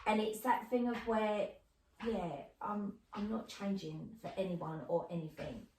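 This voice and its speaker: A woman clairvoyant medium chatting as a guest, telling stories in an animated, earthy way. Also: mid-range voice, a little slow. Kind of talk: casual chat. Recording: roomy, distant mic with faint noise.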